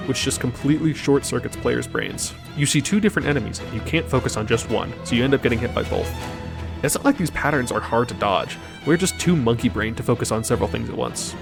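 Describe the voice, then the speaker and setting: Gravelly man narrating a game video. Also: mid-range voice. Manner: wry, joking, explanatory. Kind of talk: scripted gameplay narration voice-over. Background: background music.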